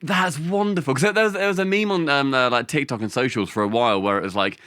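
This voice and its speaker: A young man co-hosting a casual chat, excitable and sweary, rambling through his points with fillers and laughs. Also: medium pitch, fast talker, no room sound, studio quality. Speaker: podcast co-host.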